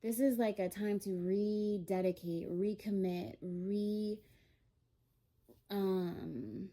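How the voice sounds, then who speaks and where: A woman's voice: mid-range voice, fairly even intonation, takes it slowly, mellow. A woman giving a casual spiritual tarot reading, rambling and earnest, with many fillers and restarts. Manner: earnest and reassuring. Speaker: tarot reader.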